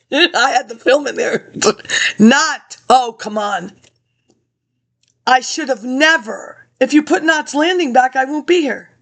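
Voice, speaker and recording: Woman in her 50s, high voice, vlogger talking to camera, tangential and chatty. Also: takes it slowly, long pauses, fairly bright tone. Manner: rambling, jumps between tangents, addresses viewers directly. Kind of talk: rambling personal monologue.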